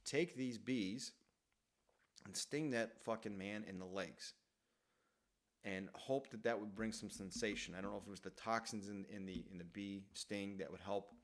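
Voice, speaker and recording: A man's voice: fairly low pitch, normal speed. A man in his thirties casually telling rambling, profane stories from his childhood in a self-deprecating way. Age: 30s. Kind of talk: casual storytelling monologue.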